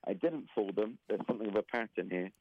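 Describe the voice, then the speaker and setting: A man with a Southeast London accent, a guest performer chatting in an interview with dry, deadpan humor. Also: fairly low pitch, quick pace, phone-quality sound. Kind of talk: casual interview chat.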